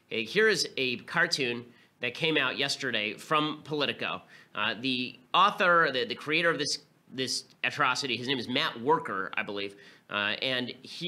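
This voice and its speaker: Male podcast host, very sharp tense tone, fast and emphatic, openly scornful. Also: medium pitch. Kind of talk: political commentary monologue.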